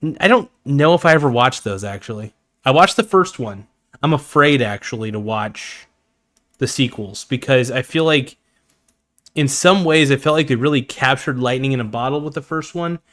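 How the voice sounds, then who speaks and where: A man's voice: medium pitch, animated, normal speed, fairly bright tone. A man hosting a live stream, chatting casually in an enthusiastic, rambling and jokey way.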